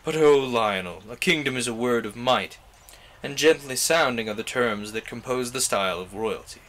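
A man's voice: mid-range voice, normal speed, a bit bright, close to an everyday voice. A man reading a novel aloud, voicing an ambitious, haughty young nobleman in a grand, declamatory way.

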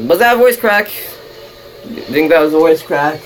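A young man giving casual, excitable gameplay commentary, laughing and mocking his own play. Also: fairly high pitch, moderate pace, long pauses. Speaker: let's play gamer.

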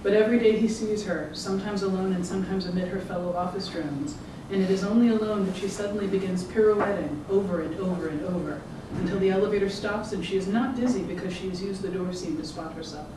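A mid-range-voiced author gives a public reading of their own fiction, steady and rhythmic, in an event room. A distant microphone picks up room echo and background noise.

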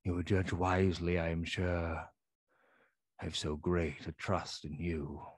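A man's voice: low voice, flat delivery, a little slow, slightly rough, no echo, studio quality. A man voicing a feverish, frightened doctor. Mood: earnest. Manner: agitated, pleading. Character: feverish frightened male doctor, middle-aged.

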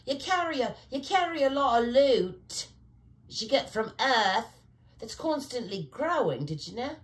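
A woman's voice: fairly high pitch, big pitch swings, a little slow, reverberant. A woman talking to camera in a rambling, digressive monologue, often searching for words and filling with "you know.". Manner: conspiratorial, speaks in asides. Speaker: vlogger.

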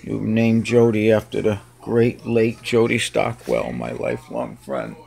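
A cat owner records his pets indoors with a phone camera, chatting to them in an affectionate, cooing way. He has a lowish, slightly mellow voice with vocal fry and a measured pace.

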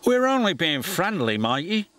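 A man's voice: high voice, big pitch swings, normal speed, a bit bright, dry recording, pitched above the performer's own voice. A man with a British accent voicing a friendly, chatty male engine in a storybook. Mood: offended. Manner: cheery, easily huffy.

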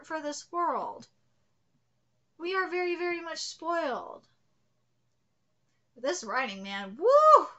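A woman with a high, bright voice gives live reaction commentary. She gushes in exclamations and swears freely. Her delivery is unhurried. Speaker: manga reaction host.

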